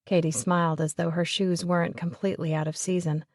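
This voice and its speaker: A woman narrating a romance audiobook in an even, measured way. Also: lowish voice, no room sound, studio quality. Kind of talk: scripted narration of a romance novel.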